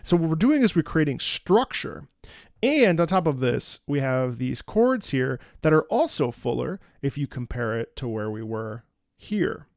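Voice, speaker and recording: A man's voice: mid-range voice, big pitch swings, measured pace, vocal fry, darkish tone, no room sound, clean studio sound. A man hosting a casual music breakdown video, talking enthusiastically and asking rhetorical questions. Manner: enthusiastic, sings snippets and asks rhetorical questions. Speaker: music analysis video host.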